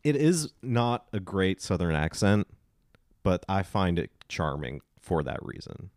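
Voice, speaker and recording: A man from Tennessee co-hosting a film podcast, chatting in a relaxed, easygoing way with many fillers. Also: low voice, a little slow, dry recording, clean studio sound. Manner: easygoing, laughs off flaws, trails off with fillers. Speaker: podcast co-host. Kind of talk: casual chat.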